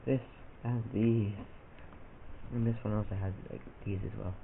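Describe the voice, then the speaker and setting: A man's voice: on the low side, steady tone, moderate pace, vocal fry. A man, vlogging in a playful, rambling chat to camera. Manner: playful, rambling, goofy asides. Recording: tinny lo-fi camera audio with loud hiss.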